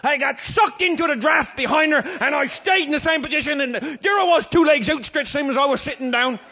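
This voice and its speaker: A man with a Newfoundland accent telling a comic tall tale to a live audience, shouting and laughing as he goes. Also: extremely high pitch, brisk. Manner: rollicking, shouting and laughing through a yarn. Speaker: storyteller.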